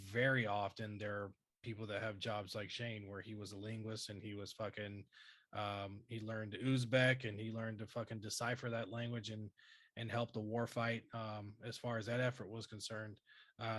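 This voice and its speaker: A man's voice: fairly low pitch, no echo. Casting note: male veteran podcast host, laid-back, salty language, dry close sound. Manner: relaxed, swears often, fillers. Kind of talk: casual podcast chat.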